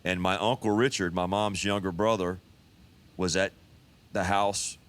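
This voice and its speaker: A pastor in his fifties telling his life testimony in a relaxed, folksy storytelling manner. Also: deep voice, measured pace. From Texas. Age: 50s.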